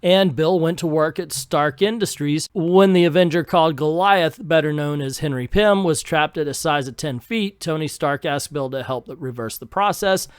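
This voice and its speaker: A man's voice: fairly high pitch, moderate pace, few pauses, clear, resonant tone, no echo, clean studio sound. A middle-aged man recapping an old comic book with sarcastic asides, reading the panels aloud. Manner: sarcastic, voices characters while reading.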